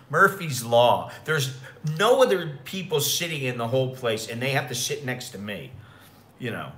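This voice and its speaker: Rambling American guy, bright voice. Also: medium pitch, big pitch swings, a little slow. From United States. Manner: rambling, profane storytelling. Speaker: expat vlogger. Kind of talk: casual livestream chat.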